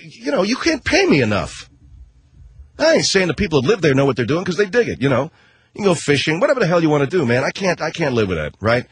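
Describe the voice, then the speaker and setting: Middle-aged male talk host, rambling sarcastic comic rant, husky and very animated in pitch. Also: no room sound. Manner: rambling, sarcastic, swears casually, self-interrupting. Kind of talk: comedic rant monologue.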